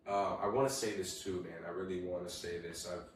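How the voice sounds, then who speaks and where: A young man with a low voice hosts a casual solo podcast, swearing freely as he tells animated stories. His voice sits a little away from the mic. A heavy room echo surrounds every word. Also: a little fast, distant mic. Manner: animated storytelling, heavy swearing, acts out quotes. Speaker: podcast host.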